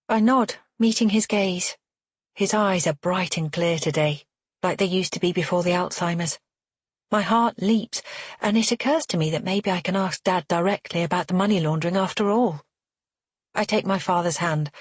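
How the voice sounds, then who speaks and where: A woman reading a first-person thriller audiobook in an even, measured way. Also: on the low side, breathy edge, no echo, clean studio sound. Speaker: audiobook narrator.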